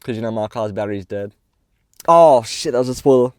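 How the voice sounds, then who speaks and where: A man's voice: fairly low pitch, steady tone, very fast, warm tone, clear, resonant tone, no room sound, clean studio sound. A young man telling a casual storytime, slangy and swearing often, acting out the other people's lines as he goes. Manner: slangy, swears often, acts out quoted dialogue. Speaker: vlogger.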